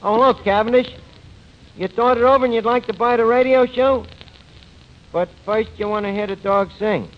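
An actor in a 1940s radio comedy playing a fast-talking, sarcastic male tavern manager with slangy speech, on an old lo-fi recording. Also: very high voice. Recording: dull lo-fi old radio recording, faint hiss.

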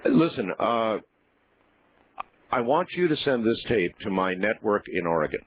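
A man hosting a late-night radio call-in show, speaking deliberately and cutting in to steer the caller. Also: fairly low pitch, very animated, a little hiss or hum. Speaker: radio host. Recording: dull lo-fi radio broadcast.

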